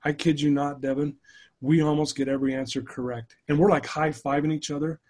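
Brief: middle-aged male guest, husky, slightly high voice, animated storyteller. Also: fairly quick. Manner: animated storyteller who addresses the host by name. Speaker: guest, life coach and motivational speaker. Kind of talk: conversational storytelling in a podcast interview.

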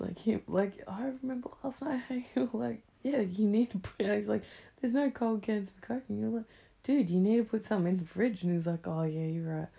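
A woman's voice: medium pitch, a little fast, vocal fry, dark tone, breathy edge. A young Australian woman chatting with her mother, swearing a lot and laughing often. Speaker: adult daughter. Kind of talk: casual family chat.

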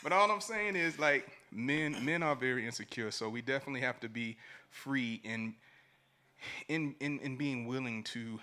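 A young man co-hosting a casual, frank chat, joking loudly and slipping into playful mock voices. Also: mid-range voice, moderate pace. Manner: loud laughing bursts, playful mock voices. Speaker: podcast co-host.

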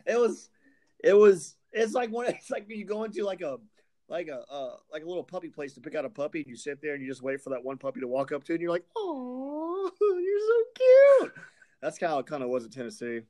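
A man's voice: on the high side, fast talker, darkish tone. A man co-hosting a casual sports podcast, telling rambling stories and laughing as he talks. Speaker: podcast co-host.

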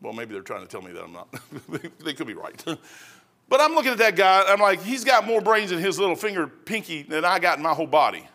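A man preaching a sermon as pastor, telling stories in a folksy, conversational way and swinging between loud emphasis and hushed asides. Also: fairly high pitch, very animated, quick pace.

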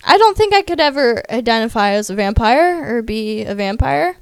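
Chatty young woman, smooth voice. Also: a little high, very animated, moderate pace, dry recording. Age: young adult. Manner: rambling, many "like" fillers, self-deprecating asides. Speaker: vlogger. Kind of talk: casual chatty vlog.

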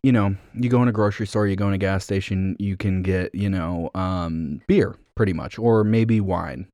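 A man from New York chats on a podcast with plenty of ums and a wry, dry humor. His voice is on the low side. The sound is dry and close, with no room in it. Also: normal speed, mellow, dry recording. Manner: hesitant, full of fillers, wry. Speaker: podcast co-host. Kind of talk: casual chat.

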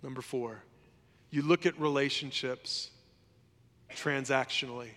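A man preaching a sermon in a lively, conversational way, often acting out what others say. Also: medium pitch, unhurried, in a large hall. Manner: animated, conversational preaching, acts out quotes. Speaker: pastor.

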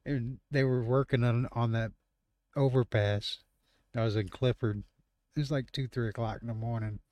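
A man's voice: mid-range voice, fairly even intonation, normal speed, no room sound, highs cut off. Laughing, rambling trucker man. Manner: rambling, laughing, profane storyteller. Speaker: truck driver. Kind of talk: casual chat.

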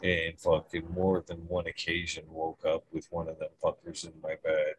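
A man's voice: extremely low pitch, completely flat delivery, moderate pace, a little hiss or hum, rough recording. A man chatting bluntly and casually, swearing now and then. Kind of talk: casual chat.

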